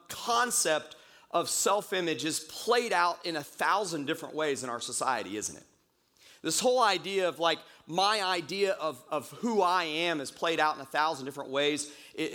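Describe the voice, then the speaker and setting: Man, pastor, sermon, bright tense voice, slightly high, recovering from a cold, slow emphatic repeats. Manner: conversational, repeats key phrases slowly for emphasis. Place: church.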